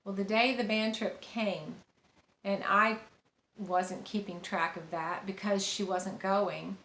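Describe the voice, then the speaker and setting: A middle-aged woman teaching about parenting, telling a personal story in a gentle, rambling way with many fillers and restarts. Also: medium pitch, fairly even intonation, takes it slowly. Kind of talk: informal teaching monologue with anecdotes. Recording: echoey room with faint ambient noise.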